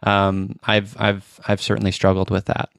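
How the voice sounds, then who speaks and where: A man's voice: fairly low pitch, monotone, normal speed, vocal fry, fairly bright tone, smooth, dry recording, clean studio sound. A man of forty hosting a casual interview, talking earnestly with frequent restarts and fillers. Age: 40s. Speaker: podcast host.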